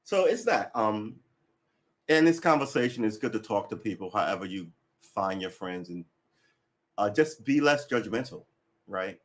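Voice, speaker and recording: A man's voice: fairly low pitch, expressive, moderate pace, a little hiss or hum. Blunt, chatty man on a livestream. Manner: blunt, opinionated, swears freely, laughs often. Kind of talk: casual rambling chat.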